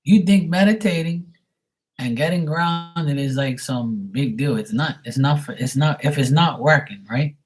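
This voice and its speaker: A man's voice: mid-range voice, normal speed, few pauses. A man who reads tarot on a live stream, ranting bluntly and profanely to his viewers. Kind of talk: casual rant to viewers.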